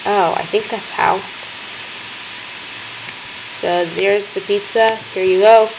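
A young woman hosting a gaming video, chattering excitedly as she plays and talking to the characters on screen. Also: mid-range voice, takes it slowly, creaky, background noise. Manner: excitable, gasping, talks to game characters. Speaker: gaming channel host. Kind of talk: let's-play commentary.

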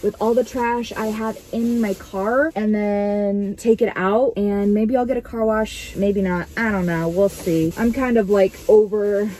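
A woman's voice: medium pitch, steady tone, measured pace, few pauses, warm tone, slight background noise. A young woman vlogging from inside her parked car, chatting casually in a rambling, giggly way that startles easily. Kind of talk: casual vlog chat.

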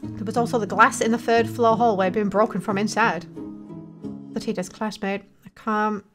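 A woman hosting a let's play, reading game dialogue aloud with crude joking asides and quick mock character voices. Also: mid-range voice, steady tone, music in the background. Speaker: gaming video host.

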